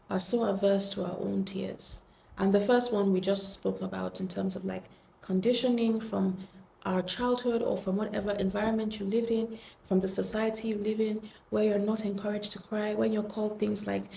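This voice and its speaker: Woman podcast host, gravelly voice, earnest and gentle, lots of ums, echoey room. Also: medium pitch. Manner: earnest, gently coaxing, many "um"s and restarts. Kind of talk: reflective solo talk.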